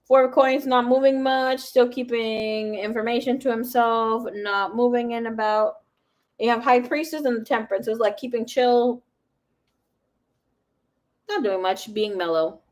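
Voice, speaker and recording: A woman's voice: on the high side, unhurried. A young adult woman giving a live tarot reading, talking frankly and swearing freely. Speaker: tarot reader.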